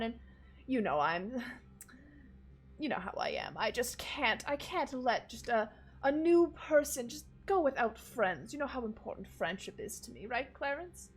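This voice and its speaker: Woman playing a flattering lordly host, pitched up high, theatrical, gushing, tabletop game. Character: suave, effusive nobleman host Francis. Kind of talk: voicing a character in a tabletop game.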